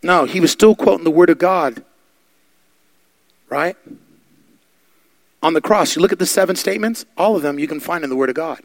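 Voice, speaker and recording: A man preaching a sermon, fervent and building to loud exhortation. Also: a little high, moderate pace, pauses often, no echo.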